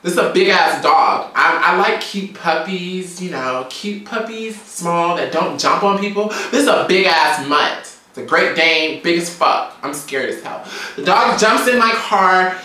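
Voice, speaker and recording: A woman from Georgia, telling a story in a sassy, animated, profane vlog rant. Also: lowish voice, unhurried, far from the mic. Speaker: vlogger. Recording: very echoey room, away from mic.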